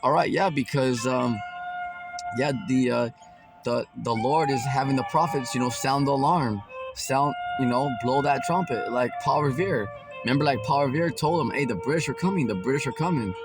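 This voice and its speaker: A man's voice: mid-range voice, normal speed. A man preaching as a street preacher in a ranting, mocking tone full of slang and swearing. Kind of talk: ranting religious commentary. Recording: loud background music.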